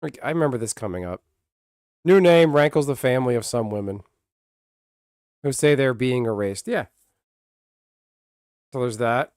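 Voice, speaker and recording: A man talks casually on a livestream, ranting bluntly with frequent swearing and restarts. His voice sits at an ordinary middle pitch. The sound is dry and close to the mic. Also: animated, normal speed, pauses often, a little mellow, smooth, no echo. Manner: blunt, profane, rambling with many restarts. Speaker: streamer.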